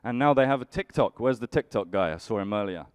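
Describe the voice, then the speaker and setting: A young man working a crowd in a live stand-up set. He sounds grumpy and dry, with a fairly low voice that comes across smooth and clear. The sound is close and dead. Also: animated, quick pace, no echo. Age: young adult. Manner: dry, grumpy, bantering with the audience. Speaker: stand-up comedian.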